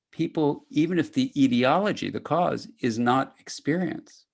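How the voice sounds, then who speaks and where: Animated older male psychiatry lecturer. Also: gravelly. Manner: animated, conversational, acts out dialogues with rising pitch. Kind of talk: academic lecture.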